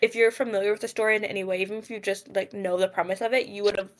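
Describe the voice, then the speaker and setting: A woman's voice: medium pitch, steady tone, rapid-fire. A young woman co-hosting a podcast in casual chat, rambling with many fillers and giggles. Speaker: podcast co-host.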